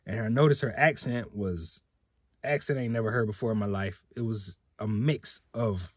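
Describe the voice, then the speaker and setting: Husky young man telling a story. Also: medium pitch, no echo, studio quality. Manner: laid-back slangy storytelling. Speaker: podcast host. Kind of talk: casual storytelling.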